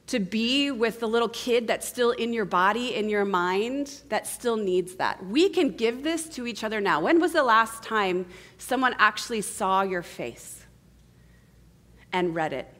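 A woman giving a sermon as guest preacher, earnest and conversational, asking her listeners many questions and tagging points with a quick "right?". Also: fairly high pitch, expressive. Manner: intimate, asks the congregation many questions; earnest, swings between soft and emphatic.

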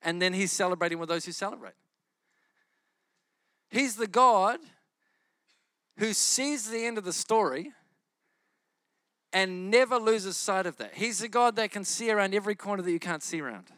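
A man's voice: high-pitched, normal speed, long pauses, sharp tone, dry recording. A man preaching a sermon with fervent, emphatic repetition that builds in intensity.

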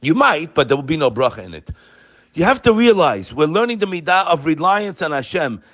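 Older man, sermon, impassioned, emphatic, lively pitch. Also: brisk. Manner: impassioned, emphatic, fond of rhetorical questions. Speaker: religious teacher.

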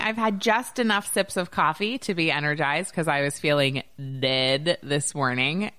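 Woman podcast host, thirties, low-pitched and chatty with an upbeat lift, recorded close and dry. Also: moderate pace, hardly any pauses, fairly bright tone, no echo. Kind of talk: casual podcast chat.

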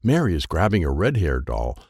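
A man narrating a children's audiobook in a lively first-person voice, adding sound effects as he reads. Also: low voice, fairly quick, gravelly, slightly rough, no echo, studio quality.

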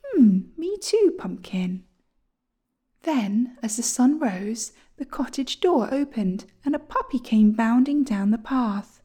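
Soft-voiced woman reading a storybook. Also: on the high side, unhurried, hardly any pauses, breathy edge. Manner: gentle, often soft and whispery. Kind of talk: reading a children's storybook aloud.

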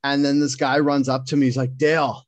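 A man co-hosting a podcast, telling work stories in a casual, animated way, laughing and swearing often. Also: mid-range voice, brisk, no room sound. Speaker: podcast co-host.

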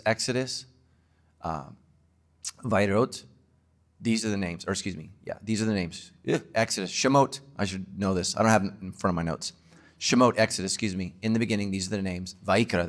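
A man, a pastor, preaching an emphatic sermon to his congregation and closing with a quiet prayer. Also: lowish voice.

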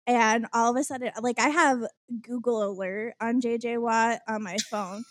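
A young woman from the Chicago area, an excitable storyteller chatting casually on a podcast. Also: a little high, normal speed, no room sound, clean studio sound. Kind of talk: casual chat.

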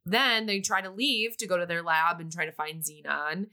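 A woman's voice: fairly low pitch, normal speed, bright, forceful tone. A woman casually recapping a movie plot in a chatty way, sometimes briefly acting out the characters' lines.

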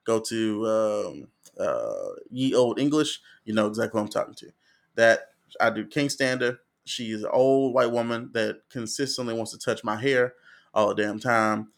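A man's voice: lowish voice, moderate pace, vocal fry. A man hosting a podcast, telling stories in casual, profane chat and acting out what other people said. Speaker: podcast host.

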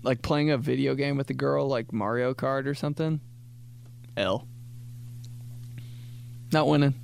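A man's voice: mid-range voice, steady tone, moderate pace, gravelly, a little hiss or hum. A man in his late twenties riffing casually in a comedic monologue, rambling with lots of filler words and restarts. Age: late 20s. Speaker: podcast host.

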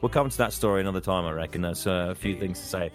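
A man's voice: low voice, racing, soft background music. An English man co-hosting a podcast, chatting casually, laughing often and a bit fussy. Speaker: podcast co-host. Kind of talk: casual chat.

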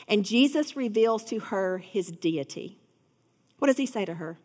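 A woman's voice: mid-range voice, normal speed, in a large hall. A woman giving an earnest devotional Bible teaching, rising to fervent emphasis.

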